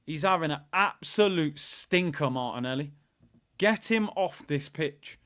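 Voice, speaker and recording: A young man hosting a live football watchalong, chatty and excitable, bursting into shouts at big moments. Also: fairly high pitch, unhurried.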